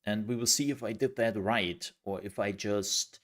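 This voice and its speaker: During a game stream, a man with a lowish, fairly bright voice talks casually at a normal speed. His chat wanders and jokes along, with restarts and laughter.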